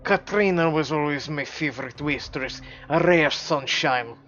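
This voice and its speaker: A man voicing a big, grave man with a put-on Russian accent who speaks slowly and heavily, over a slightly dull recording with faint game music. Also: on the high side, a bit bright.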